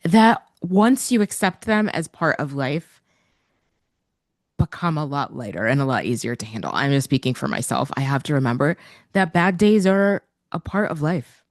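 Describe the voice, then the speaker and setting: Deep-voiced woman podcast co-host. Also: lively intonation, moderate pace, no echo, studio quality. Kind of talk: casual podcast chat.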